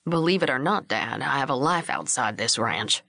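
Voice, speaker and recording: A woman reading an audiobook voices a kind, even-tempered young rancher son who speaks calmly and respectfully. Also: mid-range voice, normal speed, creaky, dry recording, studio quality, voice pushed down, heavily acted. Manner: calm, mild, respectful.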